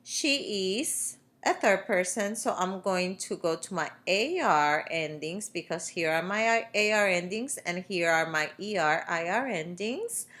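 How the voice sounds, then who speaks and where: A woman's voice: on the low side, animated, a little slow, hardly any pauses, fairly bright tone. A woman teaching a grammar lesson over a screen recording, explaining step by step with patient fillers. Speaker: Spanish teacher.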